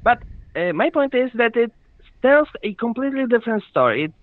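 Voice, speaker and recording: A man co-hosting a casual podcast, talking hesitantly with many "uh" pauses. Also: very high voice, very animated, dry recording. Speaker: podcast co-host. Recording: tinny phone-like call line.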